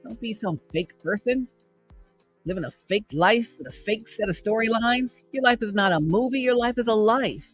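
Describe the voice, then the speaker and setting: A woman's voice: on the high side, animated, moderate pace, faint music behind. A woman hosting a motivational livestream from her home, speaking in an upbeat, repetitive, preachy way. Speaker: host and radio traffic reporter. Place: home room in the evening.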